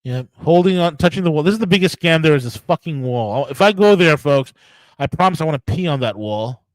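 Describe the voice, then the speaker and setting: A man's voice: fairly high pitch, lively intonation, fairly quick, dry recording, low-quality recording. A man hosting his own show, ranting angrily and profanely about politics, with frequent restarts and emphatic repetition. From United States. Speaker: podcast host. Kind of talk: solo political rant.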